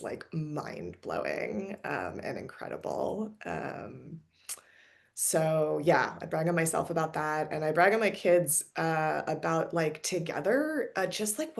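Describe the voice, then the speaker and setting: A woman's voice: low voice, vocal fry. A middle-aged woman speaking in a casual conversation, hesitant, with many ums.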